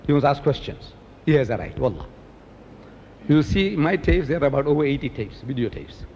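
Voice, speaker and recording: An older man from South Africa giving an animated public lecture, telling stories and mimicking the people in them. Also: medium pitch, a little fast, in a large hall, slight background noise. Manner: animated storytelling, mimicking others. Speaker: preacher.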